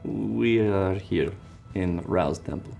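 A man voicing a calm, measured temple priest who speaks in slow, solemn pronouncements. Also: low voice, gravelly, faint music behind, heavily acted. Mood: serene.

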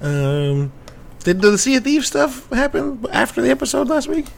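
A man hosting a casual podcast chat, excitable and quick to laugh, with some swearing. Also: very high-pitched, gravelly. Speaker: podcast host.

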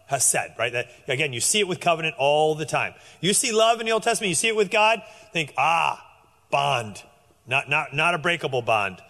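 Lively, animated man preaching. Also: on the high side, moderate pace, big-room sound. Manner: animated, conversational, with frequent restarts. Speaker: pastor. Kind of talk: sermon.

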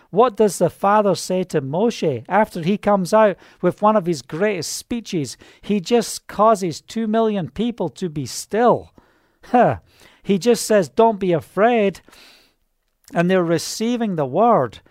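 Male preacher, fervent and proclaiming, high voice, dry close recording. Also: no echo. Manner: fervent, proclaiming, breaks into hallelujahs. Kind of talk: charismatic sermon and prayer. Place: Israel.

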